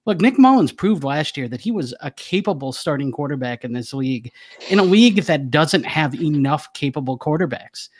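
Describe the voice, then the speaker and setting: A man's voice: on the high side, animated, normal speed, husky. A man co-hosting a casual podcast, bantering wryly and then laying out an argument. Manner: wry, self-mocking banter. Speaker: podcast co-host.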